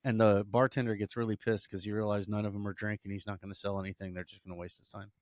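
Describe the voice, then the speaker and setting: Podcast host, man, low voice, animated joke telling, dry close mic. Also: fast, no echo. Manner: rambling, with fillers.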